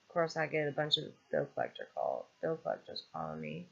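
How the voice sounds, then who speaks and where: Pitch swoops wildly in this medium-pitched, slightly rough voice with vocal fry, moving at a fairly quick clip. A vlogger's casual venting monologue, recorded in dull lo-fi, is an angry, exasperated, swear-filled rant from someone tired and fed up.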